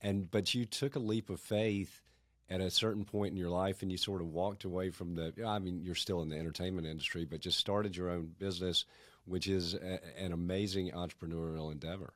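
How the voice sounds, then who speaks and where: A man's voice: deep voice, fairly even intonation, fairly quick, a bit bright, no room sound. A man hosting a podcast interview, asking questions in an admiring, chatty way. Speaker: podcast host.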